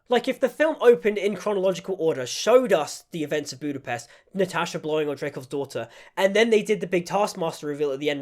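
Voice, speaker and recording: A young man giving a casual, critical film review, peppering his talk with "like". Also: sits high. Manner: critical, frequent "like" fillers. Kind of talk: casual opinion vlog.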